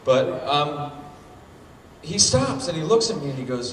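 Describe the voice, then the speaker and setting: Convention guest, male, telling stories in a profane and animated way, echoey hall, mic far off. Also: on the high side, measured pace, a little hiss or hum. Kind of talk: comic storytelling. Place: convention panel room.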